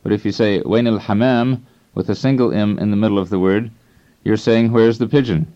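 A man narrating a scripted language lesson as instructor, in a calm, measured teaching tone. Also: fairly low pitch. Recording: dull lo-fi tape recording.

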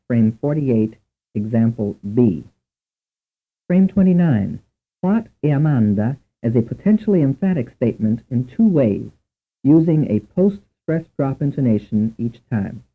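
A man narrating a language lesson in a measured, lecturing way. His voice moves animatedly up and down as he sets out each drill. The recording is thin and phone-like. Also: mid-range voice, big pitch swings. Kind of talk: scripted instructional narration. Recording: tinny narrow-band recording.

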